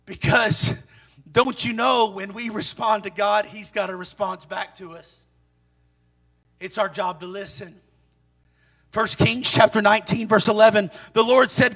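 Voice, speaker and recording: A man preaching a sermon in an animated, sing-song way, with sudden loud peaks. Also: high voice, measured pace, pauses often, breathy edge.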